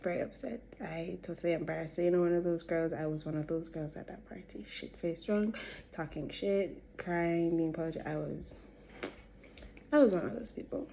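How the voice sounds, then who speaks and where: A woman's voice: lowish voice, fairly even intonation, fairly quick, vocal fry, dark tone, slight background noise. A young woman with a Jamaican accent, telling a rambling, chatty story while doing her makeup for her vlog. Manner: rambling, chatty, laughs between sentences. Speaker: beauty vlogger.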